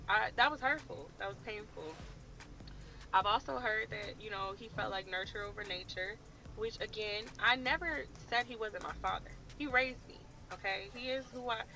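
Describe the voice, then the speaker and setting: A woman's voice: medium pitch, pushed and bright, poor audio. A woman in her late twenties from the Washington DC area pours out a personal story straight to camera. Her delivery is emphatic and impassioned, with a mid-range voice for a woman and faint music in the background. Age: late 20s.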